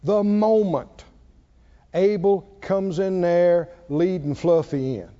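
A man preaching a sermon in a folksy, animated way, asking the congregation questions as he goes. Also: sits high, slow. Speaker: pastor. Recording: dull lo-fi recording.

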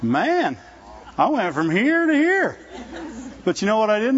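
A man's voice: high-pitched, huge pitch swings, a little slow, pauses often. A man preaching a sermon in a conversational, folksy way, often asking his listeners rhetorical questions. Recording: dull lo-fi recording.

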